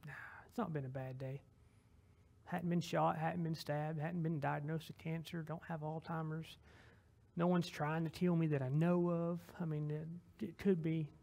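A young Southern man preaching a casual sermon in a high, gravelly voice. He rambles in a folksy, self-deprecating way, stops and restarts his sentences often, and leads straight into a heartfelt closing prayer. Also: little pitch movement, moderate pace, darkish tone. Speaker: lay preacher.

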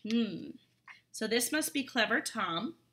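A woman's voice: on the high side, animated, slow pace, sharp tone. A woman teacher reading a story aloud and explaining words to young children, chatty and full of questions.

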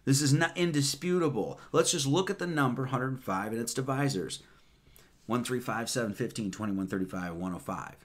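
A man's voice: medium pitch, expressive, brisk. A man giving a loose, rambling sermon, counting numbers aloud with many fillers and casual asides. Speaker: preacher.

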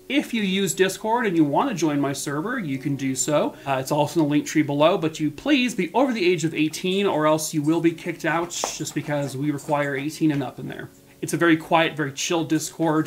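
A man hosting his own channel, chatting casually and quickly through a video outro with a self-mocking tone. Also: on the high side. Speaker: true crime channel host.

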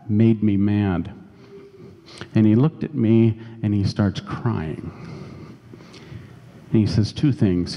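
Low-voiced pastor preaching in a reverberant church. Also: male voice, highs cut off. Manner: storytelling, conversational with fillers. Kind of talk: sermon. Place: church sanctuary.

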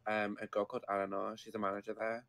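A man chatting casually in a game role-play, laid-back and low-key. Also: completely flat delivery, fast, vocal fry, fairly bright tone, no echo.

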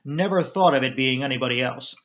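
A man voicing a gruff middle-aged army major who talks in clipped, terse phrases. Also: mid-range voice, fast talker, a bit bright, lightly acted. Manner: clipped, terse, drops sentence subjects.

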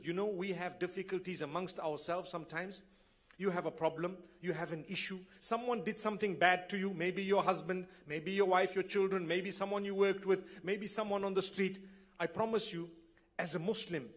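A man preaching a sermon to a gathering, earnest and full of rhetorical questions, rising to loud exclamations. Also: high voice. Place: gathering hall.

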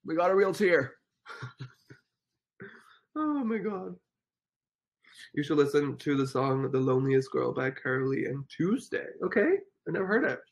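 Man, 20s, livestream host, excitable and giggly, lively pitch. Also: a little slow, gravelly, long pauses. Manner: giggly, chatty and excitable, laughs often. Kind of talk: casual livestream chat, reading comments.

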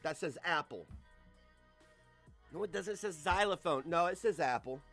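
Man in his 40s ranting on stream, bright voice jumping all over, faint music behind. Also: a little high, moderate pace, creaky. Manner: crude, mocking, loud and animated.

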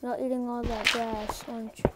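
A woman's voice: fairly high pitch, little pitch movement, fairly quick, heavy background noise. A woman casually commenting to herself while playing a building game, playful and silly, recorded on a phone. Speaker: gameplay video creator.

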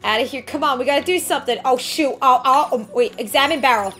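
A woman hosting a live game playthrough, excitable and jumpy, yelping and repeating herself when scared. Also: high voice, fast, faint music behind. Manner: excitable, jumpy, full of frightened yelps and exclamations; mild swearing, repeats herself when nervous. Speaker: host.

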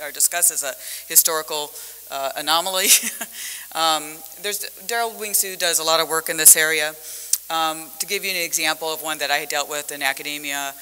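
A woman's voice: sits low, smooth. A woman professor giving a conference panel talk, telling stories animatedly and acting out dialogue. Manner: animated storytelling, acts out dialogue, laughs often. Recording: long reverb in a conference hall.

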